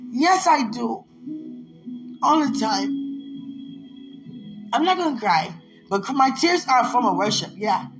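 A woman's voice: fairly high pitch, sing-song, measured pace, pauses often, low-quality recording. A woman in casual talk to the camera, gushing and giggling as she rambles, with her voice swinging up and down. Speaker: vlogger addressing a loved one. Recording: music bed under the voice. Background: music playing.

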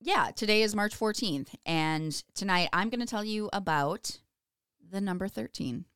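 Chatty woman podcaster, smooth voice. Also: medium pitch, lively intonation, moderate pace, a bit bright, no room sound, studio quality. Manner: chatty, laughing, filler-heavy. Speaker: podcast co-host. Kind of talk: casual chat.

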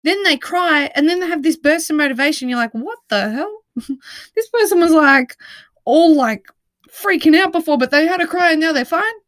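High-voiced woman host, casual supportive podcast talk, dry close sound, easygoing and encouraging. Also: fairly quick, fairly bright tone, dry recording. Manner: chatty and reassuring, many "like" fillers, laughs often.

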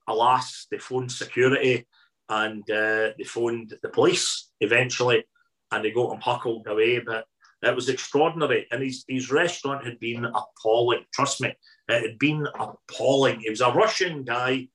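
Scottish man telling lively stories. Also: mid-range voice, normal speed, low-quality recording. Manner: lively storyteller, repeats phrases for emphasis. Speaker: interview guest, food columnist. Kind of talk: casual anecdotal storytelling.

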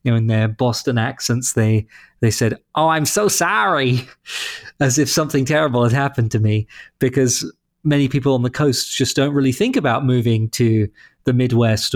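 A man in his thirties with an English accent, answering interview questions in a thoughtful, articulate, measured way. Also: mid-range voice, fairly even intonation, a little mellow, no echo, studio quality. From London, England. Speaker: leader of a humanist congregation.

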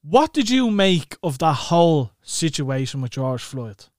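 High, lively-voiced man hosting. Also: unhurried, no room sound, clean studio sound. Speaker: podcast host. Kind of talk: casual interview.

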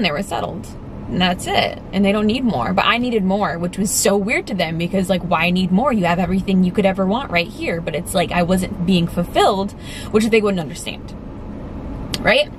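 A young woman talks straight to camera in a casual vlog, candid and emphatic. Her voice sits mid-range but jumps high when she stresses a point. A faint hum of passing vehicles is behind her. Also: a bit bright. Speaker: vlogger.

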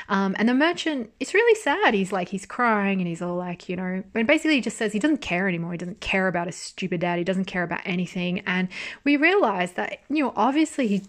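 Chatty woman reviewer, casual recap, loose and animated, swears freely. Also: mid-range voice, moderate pace. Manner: chatty, animated storytelling with frequent swearing and laughs. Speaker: drama reviewer. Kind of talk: casual chat.

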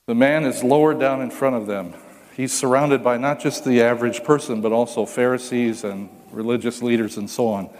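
A pastor preaching a sermon, telling stories with humor and acting out the voices of the people in them. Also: male voice, mid-range voice, moderate pace, big-room sound. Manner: animated storytelling, acts out voices with humor.

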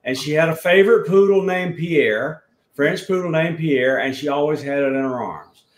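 A man with a South Alabama Southern accent, telling a story as a guest in an unhurried, rambling way. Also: fairly high pitch, slight background noise. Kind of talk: storytelling in a podcast chat. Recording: roomy echo.

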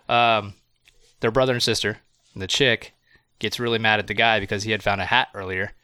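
Male podcast co-host, slightly low, bright tone, swears freely, giggly plot recapper, dry booth sound. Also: fairly even intonation, moderate pace, smooth, dry recording. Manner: laughs often, swears, recaps plot loosely. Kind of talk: casual movie review chat.

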